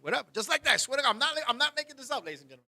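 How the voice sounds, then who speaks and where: High, bright-voiced man telling a story. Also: very fast. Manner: animated, profane, acts out the people in his story. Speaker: podcast host. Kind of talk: casual storytelling chat.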